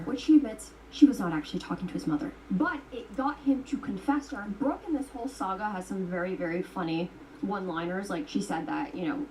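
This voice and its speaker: A woman retells someone else's story in a loose, chatty vlog style, swearing freely and leaning on "like." Her voice is mellow and sits a little away from the mic, with faint background noise behind it. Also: mid-range voice, brisk, distant mic, low-quality recording. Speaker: storytime vlogger. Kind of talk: casual storytime commentary.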